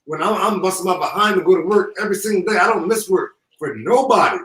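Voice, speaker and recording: A grieving father speaking through tears, halting and repeating himself with deep emotion. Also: lively intonation, fairly bright tone. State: holding back tears. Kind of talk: emotional live call-in. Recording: echoey call from far off.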